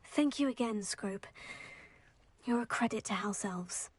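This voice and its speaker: A polite, earnest student. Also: female voice, mid-range voice, measured pace, slightly rough, no room sound. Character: polite young female student. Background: game music.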